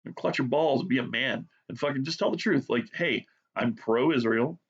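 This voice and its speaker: A man's voice: mid-range voice, a little fast, husky, lo-fi sound. A man from the United States ranting bluntly and sarcastically, swearing constantly. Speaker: art vlogger. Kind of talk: profane rant while drawing.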